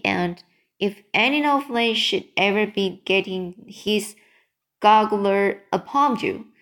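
A big, kindly male giant who stumbles through jumbled grammar and invented words, read by a woman. His voice sits fairly high and moves at an unhurried pace. He sounds like a character in a storybook read aloud. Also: a bit bright.

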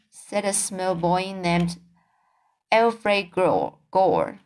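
A woman's voice: fairly low pitch, expressive, measured pace. A woman reading a children's novel aloud, carefully, with occasional slips and rereads. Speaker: reader.

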